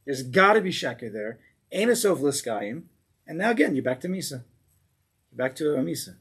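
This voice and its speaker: A man giving an informal Torah class to a small group, animated and acting out angry people as he explains. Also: a little high, normal speed, husky.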